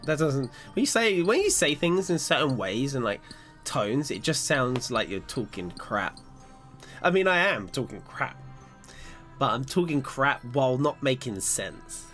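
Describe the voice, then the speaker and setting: A man's voice: medium pitch, unhurried, soft background music. Rambling young man streaming games. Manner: rambling, self-mocking, animated. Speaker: gaming streamer. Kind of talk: live-stream chat while gaming.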